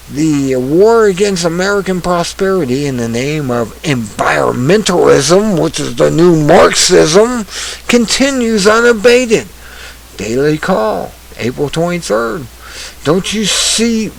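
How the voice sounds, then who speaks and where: A man giving ranting online news commentary. He reads headlines and then rants angrily, swinging from low mutters to shouts. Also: gravelly, a little hiss or hum, poor audio.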